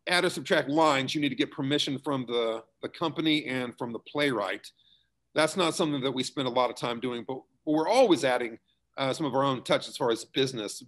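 Speaking at a medium pitch, a middle-aged school theater director walks through his work during an easygoing interview. The talk is conversational, sprinkled with fillers and restarts.

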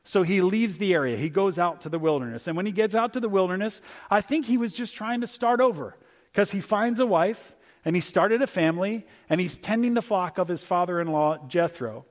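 A man's voice: high-pitched, animated, brisk. A middle-aged man giving a conversational sermon as a guest speaker, telling stories and acting out little voices for humor.

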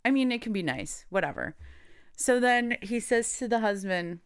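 A woman's voice: medium pitch, expressive, moderate pace, clear, resonant tone. A woman co-hosting a podcast, casually telling a story, quoting people and laughing often. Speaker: podcast co-host.

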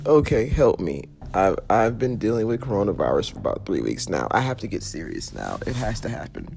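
A young man hosting a casual solo podcast, his slangy talk broken by laughing fits. His gravelly voice jumps wildly in pitch between giggles and serious ranting. Faint music sits underneath. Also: very animated, brisk, a little mellow. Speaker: podcast host.

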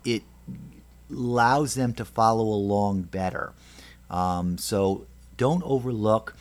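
Low-pitched male lecturer, steady and instructional, pauses with ums, restarts sentences. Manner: measured, frequent ums, self-correcting restarts. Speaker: lecturer on trial advocacy. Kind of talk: recorded lecture presentation.

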